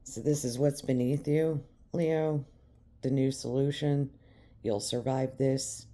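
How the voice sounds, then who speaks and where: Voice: medium pitch, fairly even intonation, takes it slowly, mellow. A tarot reader giving a reading straight to the viewer, emphatic and repetitive. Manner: emphatic and repetitive, speaking directly to the listener.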